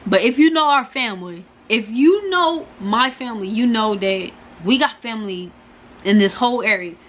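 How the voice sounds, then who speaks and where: A young woman telling a storytime vlog, animated and dramatic, talking straight to her viewers. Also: on the high side, moderate pace, lo-fi sound, a little hiss or hum. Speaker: vlogger.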